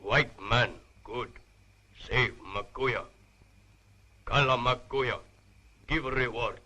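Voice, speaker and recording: An actor playing a solemn old chief who speaks in short, clipped phrases in an old puppet show. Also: male voice, medium pitch, fairly even intonation, takes it slowly, pushed and bright, poor audio. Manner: broken, clipped phrasing, grave. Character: solemn, slow-spoken old tribal chief. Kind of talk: 1960s TV puppet show acting. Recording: old TV soundtrack with music underneath.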